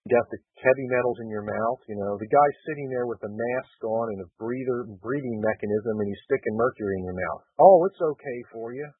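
A man's voice: lowish voice, fast, few pauses, breathy edge, no echo. A man hosting a casual call-in chat, rambling with restarts and fillers. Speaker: host. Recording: tinny phone-line audio.

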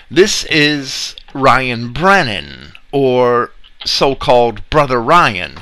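Bright-voiced man hosting a commentary show. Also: a little high, no echo. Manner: sharply critical. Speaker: podcast host.

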